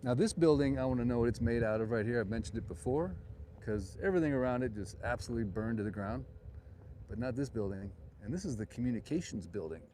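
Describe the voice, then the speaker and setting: This middle-aged man's voice is medium-pitched and warm, fast and animated, with a bit of hiss or hum. He's hosting a live night walking tour on a town street, captured on a phone, and his talk is chatty, rambling, and full of digressions.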